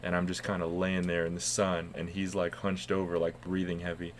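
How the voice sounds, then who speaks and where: A man's voice: low voice, completely flat delivery, fairly quick, slight background noise. A man from the United States co-hosting a casual podcast, telling rambling, profane stories. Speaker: podcast co-host.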